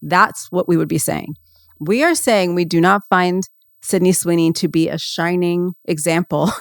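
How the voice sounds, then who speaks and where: A woman's voice: on the low side, no echo, studio quality. A woman hosting a podcast in casual, comedic chat, rambling and sarcastic with lots of fillers. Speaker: podcast host.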